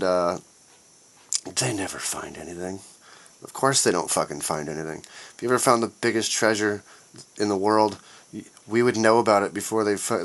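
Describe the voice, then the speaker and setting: A man's voice: fairly low pitch, fairly bright tone. A man hosting his own podcast, ranting angrily with heavy profanity and sarcasm. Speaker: podcast host. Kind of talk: solo podcast rant.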